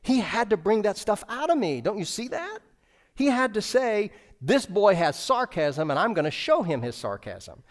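A man's voice: high voice, sing-song, normal speed. A man preaching a sermon as a pastor, telling a personal story with lots of restarts and acted-out dialogue.

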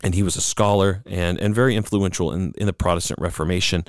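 A man's voice: deep voice, steady tone, fast, dry recording, clean studio sound. A man preaching a sermon, reading scripture and a commentary aloud and then explaining it earnestly, with restarts as he speaks freely. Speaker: pastor.

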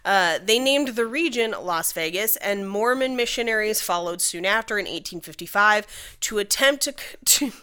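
A woman's voice: medium pitch, expressive, normal speed, pushed and bright, clear, resonant tone. A woman co-hosting a podcast, telling a history story in casual chat with wry asides. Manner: chatty, laughs often, wry asides. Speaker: podcast co-host.

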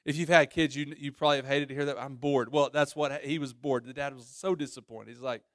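A pastor preaching a sermon, telling a story with lively voices and frequent restarts. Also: male voice, a little high, quick pace, dry recording, clean studio sound.

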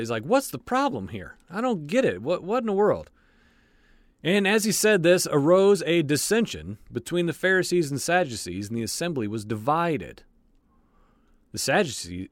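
Here a Bible teacher with a fairly high-pitched voice reads scripture and riffs on it conversationally, using asides and filler words. He comes across animated, stumbling into fillers and restarts often. There's no echo, and the sound is studio quality.

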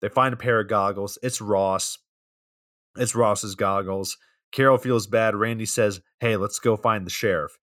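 A man co-hosting a podcast, recapping a movie plot in a deadpan, matter-of-fact way with casual swearing. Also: on the low side, unhurried, dry recording, studio quality.

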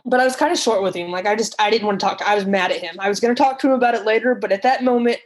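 Halting woman telling a personal story. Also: medium pitch, rough recording. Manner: halting, restarts and repeats, candid. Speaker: storyteller recounting her past.

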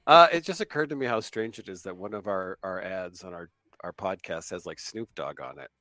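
A man's voice: deep voice, lively intonation, brisk, sharp tone, no room sound. A man hosting a podcast in casual chat, joking and playful as he talks. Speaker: podcast host.

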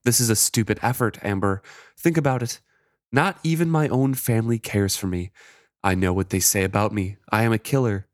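A man's voice: lowish voice, brisk, dry recording, studio quality, lightly acted. A man voicing a despairing sentient male ship figurehead who turns bitter and sarcastic.

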